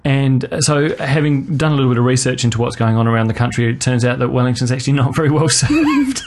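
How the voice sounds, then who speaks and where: Hey, can i get a new guy hosting a movie podcast, chatty and rambly, tripping over his words a lot, full of ums and uhs, and a plain mid-range voice, nothing too high or too low. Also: animated, fast talker, slight background noise. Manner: rambling, hesitant, many fillers and restarts. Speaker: co-host of a film podcast. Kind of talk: casual chat.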